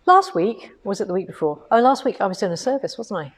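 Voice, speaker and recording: A woman's voice: mid-range voice, sing-song, quick pace, slight background noise. Chatty enthusiastic woman demonstrating. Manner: chatty, enthusiastic, rhetorical asides. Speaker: co-host of a quilting shop livestream. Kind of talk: casual livestream chat and product demo.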